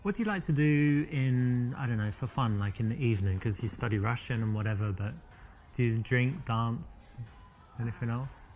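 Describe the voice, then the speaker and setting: A man's voice: medium pitch, normal speed, a little mellow, faint music behind, close to an everyday voice. A man with a London-flavoured British accent playing a boastful guy flirting with a woman in a dating game. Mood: flirty. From England. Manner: boastful, teasing. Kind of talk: game dialogue acting.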